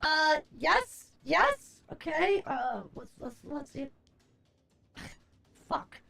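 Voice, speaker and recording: A woman's voice: high-pitched, big pitch swings, drawn-out words, gravelly, sharp tone. A young adult woman streamer chatting casually on a live stream, rambling, exasperated and profane as she answers her chat.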